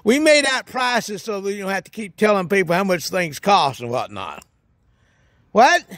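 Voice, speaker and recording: A man's voice: high-pitched, big pitch swings, moderate pace, fairly bright tone, no echo. A man putting on a goofy rural hillbilly character for a comedy monologue, folksy and whooping. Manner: folksy drawl with hoots and cackles. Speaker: comedy sketch character host.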